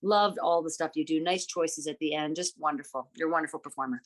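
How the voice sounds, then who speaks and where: A woman judging a voice-acting competition, encouraging and gently corrective. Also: deep voice, fast. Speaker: competition judge. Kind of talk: casual spoken feedback.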